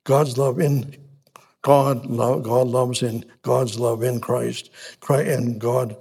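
A man preaching a sermon in an emphatic, repetitive way, with frequent restarts and halting pauses. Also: medium pitch, little pitch movement, gravelly, darkish tone, breathy edge.

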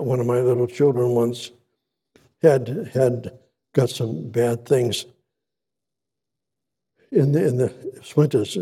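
Slow, husky-voiced male preacher. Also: medium pitch. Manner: deliberate, repeats words for emphasis, swells louder on key words; halting, with frequent restarts and asides. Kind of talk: sermon, reading and expounding scripture.

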